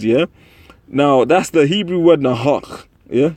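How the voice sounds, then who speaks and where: A man's voice: a little high, a little slow, darkish tone, dry recording. A man giving a profane, ranting religious commentary, tagging "man" onto his sentences and laughing mid-sentence. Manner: profane, repeats "man" constantly. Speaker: online preacher.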